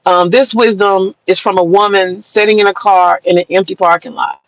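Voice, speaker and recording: A woman's voice: medium pitch, steady tone, moderate pace, dry recording, lo-fi sound. A woman in a parked car ranting on a live stream to her viewers, mocking a commenter, swearing, and bursting into long laughter. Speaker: livestreamer. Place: parked car in a parking lot.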